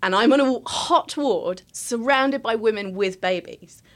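A woman in her thirties, a podcast guest telling a personal story in casual chat, animated and full of laughs. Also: on the high side, measured pace. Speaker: podcast guest, writer and performer.

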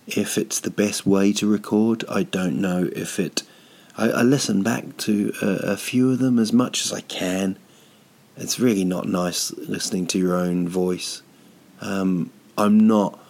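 Slow, gravelly man rambling comically. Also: low-pitched, darkish tone. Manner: rambling, self-deprecating, many fillers and restarts. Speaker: comedian podcast host.

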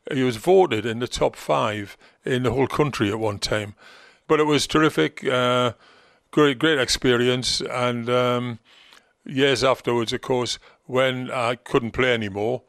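A man's voice: mid-range voice, fairly even intonation, unhurried, vocal fry, fairly bright tone, no echo, clean studio sound. An older man with a Geordie accent, a former football manager reminiscing in an interview with a chatty, storytelling manner. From North East England. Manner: chatty storyteller with fillers and dialect words.

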